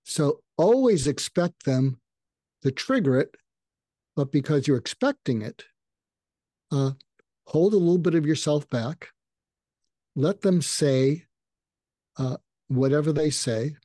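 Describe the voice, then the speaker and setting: A man's voice: a little high, expressive, takes it slowly, pauses often, warm tone, no room sound, clean studio sound. An older man, a psychiatrist guest in a podcast interview, explaining advice and acting out sample lines in a raised voice.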